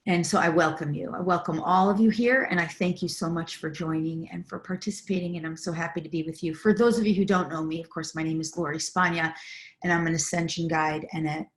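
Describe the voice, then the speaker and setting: A woman's voice: lowish voice, steady tone, a little fast. A woman spiritual teacher and healer giving a live online talk on a video call, earnest and effusive, with loose fillers and restarts.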